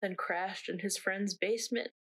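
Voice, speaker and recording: A young woman acting a shaken narrator in a dramatic monologue, speaking slowly and haltingly with long pauses. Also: medium pitch, fairly even intonation, a bit bright, natural voice. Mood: haunted. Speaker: narrator recounting her own ordeal. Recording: distant mic with faint noise.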